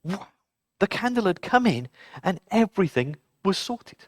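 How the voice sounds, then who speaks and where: Animated kids' Bible storyteller, dry and close. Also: medium pitch, moderate pace, no echo. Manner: animated, addresses children directly. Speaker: children's club storyteller.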